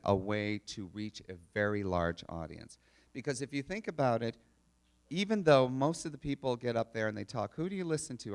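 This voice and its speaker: A man giving a chatty, animated storytelling talk to a live audience at an expo. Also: medium pitch, clear, resonant tone. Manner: chatty, animated, restarts and laughs. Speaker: speaker telling stories at an expo.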